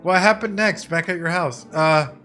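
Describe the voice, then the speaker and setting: A man playing a video game on stream, reacting loudly and swearing with excitement. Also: fairly high pitch, moderate pace, faint music behind. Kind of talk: let's play commentary.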